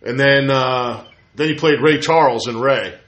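A man chatting casually as a podcast host, telling stories with lively acted-out quotes. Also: mid-range voice, measured pace. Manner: animated storyteller, acts out quotes. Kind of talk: casual chat. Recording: roomy echo.

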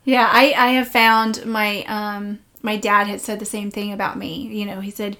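A woman's voice: mid-range voice, flat delivery, moderate pace, sharp tone. A woman interviewer who sums up and paraphrases what her guest says in a conversational way. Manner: reflective, paraphrasing the guest back.

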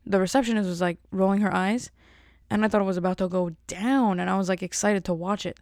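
A woman in her twenties telling stories in a loose, chatty way and slipping into little voices for the people she quotes. Her pitch is mid-range for a woman. The recording is dry and close, with no room sound. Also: steady tone, a little fast, a little mellow, dry recording. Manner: chatty storyteller, acts out quotes. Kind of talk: casual chat.

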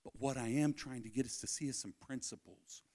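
A man preaching a sermon at a family camp, telling a personal story, swinging between loud calls and hushed asides. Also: mid-range voice, brisk.

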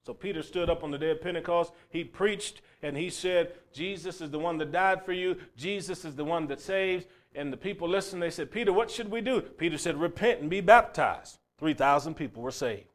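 A man preaching a sermon, swinging from loud calls down to quiet asides. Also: fairly high pitch, a little fast, hardly any pauses. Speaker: pastor.

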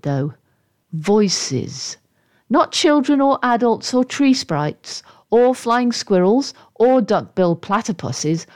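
A woman reading a children's story aloud in a playful, expressive way. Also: medium pitch. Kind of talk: storybook read-aloud narration.

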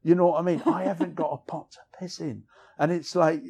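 Speaking fairly quickly with a husky, darkish voice on the high side and fairly even intonation, the middle-aged writer tells candid stories from his life as an interview guest. His telling meanders, sprinkled with "you know what I mean."

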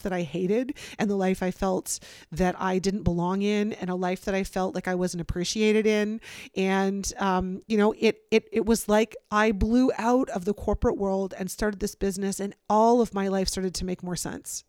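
Speaking at a medium pitch with a steady tone and moderate pace, this woman runs a solo podcast where she talks openly, without filter, and leans on lots of fillers. Her voice is a little mellow and clean, recorded at studio quality with no echo.

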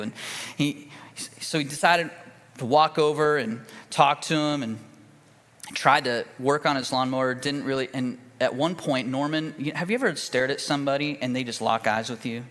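A male pastor preaching in a church sanctuary, his voice trailing off into the long reverb of the hall. He tells the story in a relaxed, folksy way, full of fillers and restarts, at a medium pitch. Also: normal speed. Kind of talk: sermon storytelling.

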